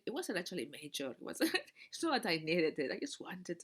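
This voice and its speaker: A woman and spiritual teacher telling a personal story in a casual monologue, animated, laughing often and repeating words. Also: fairly low pitch, brisk, breathy edge.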